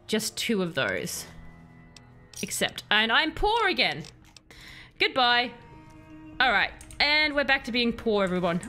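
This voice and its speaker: Woman, Australian accent with a British tinge, chatty, giggly, bright and sharp tone, slightly high voice, game streaming. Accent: Australian, at times British-tinged. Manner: chatty, giggly, talks to viewers. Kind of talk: casual live game-stream chat.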